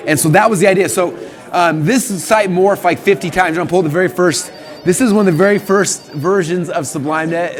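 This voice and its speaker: Give me an eager man in his thirties telling stories quickly, slightly high-voiced. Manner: eager, excitable, talks in rapid bursts. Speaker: host of a live stream. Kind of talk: casual storytelling.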